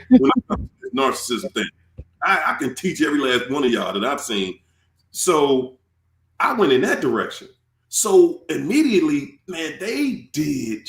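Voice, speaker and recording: A man hosting his channel in casual chat, animated and swearing freely, acting out quoted tirades. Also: fairly high pitch, creaky, roomy sound. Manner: animated, swears, acts out quoted rants loudly. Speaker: channel host.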